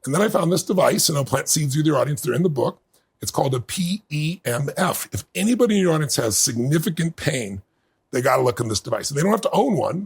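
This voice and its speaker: A man's voice: on the high side, vocal fry, slightly rough. A man in his fifties, a podcast guest telling a story in casual conversation and acting out the people he quotes. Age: 50s.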